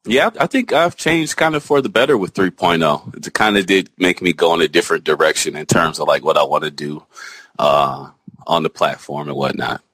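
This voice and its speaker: A man co-hosting a podcast in casual chat, speaking haltingly with many restarts and fillers. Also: very deep voice, a bit bright, no room sound. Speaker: podcast co-host.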